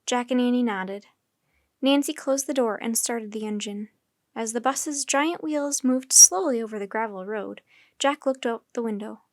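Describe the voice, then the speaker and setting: A woman storyteller reading a children's chapter book aloud in steady, clear narration. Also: on the high side, moderate pace, no room sound, studio quality.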